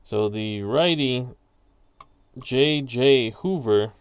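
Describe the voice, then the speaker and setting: A man calling play-by-play for a tabletop baseball simulation, slowly reading out dice rolls and player stats. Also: medium pitch, clean tone, dry recording. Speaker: league commissioner calling a tabletop baseball sim. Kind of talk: play-by-play commentary.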